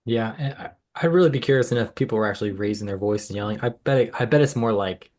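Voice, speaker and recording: A man's voice: fairly low pitch, quick pace, few pauses, a little mellow. A man who works as a health care provider, co-hosting a podcast in casual chat, earnest and emphatic. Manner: earnest, emphatic, with frequent restarts.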